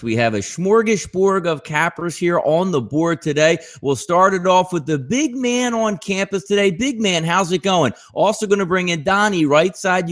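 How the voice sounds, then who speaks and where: A man doing a slow, drawn-out impression of a male sports betting show host, in a hammy announcer style. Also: fairly high pitch, a bit bright, voice pushed up.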